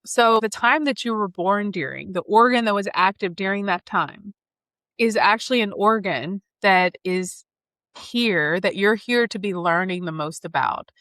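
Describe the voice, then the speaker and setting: A woman's voice: mid-range voice, measured pace, fairly bright tone, no echo. Enthusiastic woman astrologer, dry sound. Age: 30s. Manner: enthusiastic, flowing, spiritual wording. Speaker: astrologer and podcast host. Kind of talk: casual spiritual conversation.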